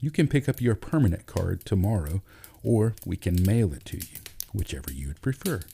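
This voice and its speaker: A man voicing a flustered, polite female librarian who speaks briskly. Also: deep voice, big pitch swings, gravelly, mellow, slight background noise, full character voice.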